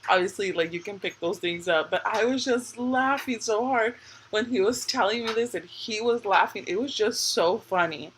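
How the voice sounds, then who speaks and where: A woman in her thirties chatting on a casual live stream, telling family stories with a husky, breathy edge to her voice. She talks in a loose, rambling way, often breaking into laughter. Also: medium pitch, normal speed, a bit bright, rough recording. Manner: chatty storytelling with frequent laughter. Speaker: livestream host. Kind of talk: casual chat.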